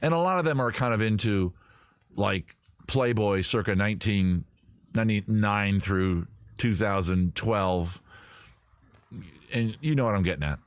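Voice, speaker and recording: A man hosting a livestream from home, riffing on viewer questions in a rambling, crude, deadpan absurd way. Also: on the low side, a little slow, long pauses, no echo, studio quality. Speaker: host. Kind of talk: improvised comic livestream answering viewers.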